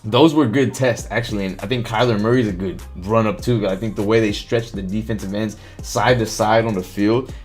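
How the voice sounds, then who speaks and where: Animated man talking football on stream. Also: fairly low pitch, moderate pace, soft background music. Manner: animated, swears, reads chat comments aloud. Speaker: live stream host. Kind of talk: casual sports talk on a live stream.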